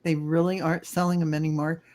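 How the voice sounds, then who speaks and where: A woman co-hosting a casual tarot chat over a video call, excitable and full of exclamations. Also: low-pitched, fast. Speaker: co-host.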